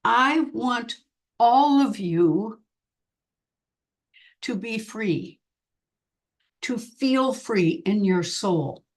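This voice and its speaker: A woman medium delivers a channeled spiritual message in an earnest, gentle tone. Her voice sits a little high. She talks extremely slowly and pauses after each short phrase. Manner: slow, halting, phrase by phrase, earnest.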